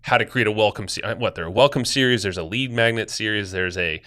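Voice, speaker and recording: Low, bright, clear-voiced male podcast host. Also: fast talker. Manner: rambling, loose, lots of restarts and fillers. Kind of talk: casual podcast chat.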